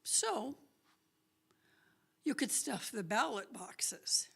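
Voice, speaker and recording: A woman telling a lively story at a church talk, chatty and laughing often. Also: a little high, very slow, creaky, husky. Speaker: guest speaker.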